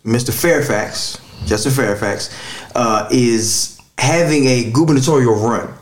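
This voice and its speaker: A man's voice: medium pitch, measured pace. A man hosting a podcast, talking casually and animatedly with plenty of profanity. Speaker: podcast host.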